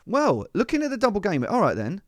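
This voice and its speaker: A man hosting a casual podcast, chatty and playful and quick to laugh. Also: sits high, wildly swooping pitch, dry recording, clean studio sound. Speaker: podcast host. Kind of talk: casual chat.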